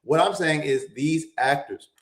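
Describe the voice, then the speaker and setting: A man's voice: fairly high pitch, a little slow, roomy sound. A man co-hosting a morning talk show, arguing his point insistently and rising to emphatic peaks. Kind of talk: heated debate on a talk show.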